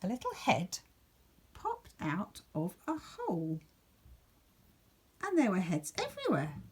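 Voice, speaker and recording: A woman teacher reading a picture book aloud to children, expressive and playful with whispered asides. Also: medium pitch, slow pace, background noise. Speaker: primary school teacher.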